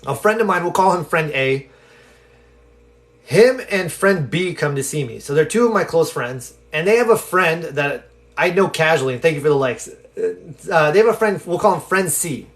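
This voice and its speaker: A man's voice: fairly high pitch, normal speed. A man hosting a live stream, telling a story in a loose, talkative way and acting out the voices of the people in it. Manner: animated storyteller who acts out quoted people in the story; loose and talkative, with fillers and restarts. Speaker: live stream host answering viewer questions.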